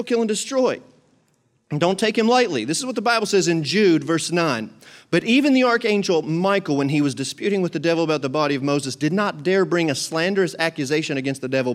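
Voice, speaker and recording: A male pastor preaching a sermon, emphatic and repetitive, leading the congregation in call-and-response. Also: sits high.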